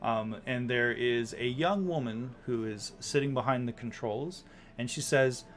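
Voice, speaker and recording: A man running a tabletop game as game master, narrating in a relaxed, chuckling way. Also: medium pitch, measured pace.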